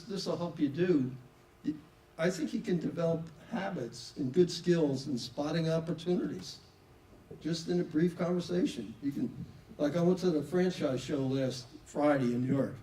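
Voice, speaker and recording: An older man tells stories to a room in a warm, mellow voice, pitched a bit high for a man. He sounds chatty and sure of himself. The recording is roomy and echoey, caught from a distance with faint noise behind. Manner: anecdotal, self-assured, chatty. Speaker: speaker at a networking event. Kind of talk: casual talk to an audience. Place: room with an audience.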